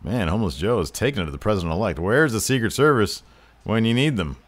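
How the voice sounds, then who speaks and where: A man's voice: on the low side, animated, fast talker. A man giving jokey, profane mock wrestling play-by-play while playing a video game. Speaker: gameplay commentator.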